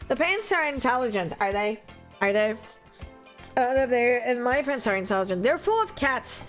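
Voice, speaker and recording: Young French-accented woman streamer, high-pitched, rambling casual chat over faint background music. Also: sing-song, normal speed. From France. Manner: rambling and giggly, reading chat aloud.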